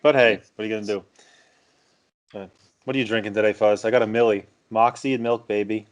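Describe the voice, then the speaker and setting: Male podcast host, slightly low voice, upbeat and casual. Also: fairly even intonation, quick pace. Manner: upbeat, laughs often. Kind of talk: casual chat.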